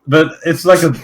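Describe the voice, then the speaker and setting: A man's voice: on the high side, poor audio. Hesitant young man. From Netherlands. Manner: hesitant, many fillers and restarts. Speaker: podcast co-host. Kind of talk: casual chat.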